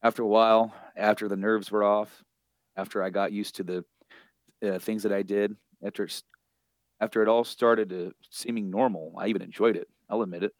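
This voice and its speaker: A remorseful grown man, a villain who pleads to be killed, as a man reads his lines aloud. The voice sits low and quiet, close and dry with no room sound. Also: fairly even intonation, moderate pace, no echo, natural voice. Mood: regretful.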